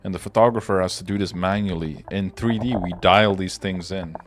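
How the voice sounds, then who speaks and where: A man with a deep, low voice rambles through casual, opinionated livestream chatter, swearing freely as he goes. Faint music plays underneath. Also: fairly even intonation, brisk. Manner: rambling, profane, loose and opinionated. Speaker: livestream host. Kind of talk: casual livestream chat while working.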